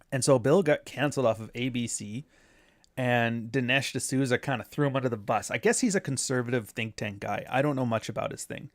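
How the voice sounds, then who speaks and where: A man of middle pitch talks through a casual commentary, wandering off on tangents with sarcastic jabs. The sound is close and dry, with no room around it. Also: expressive, fairly quick, no echo. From Canada. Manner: rambling, sarcastic asides. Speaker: commentary host.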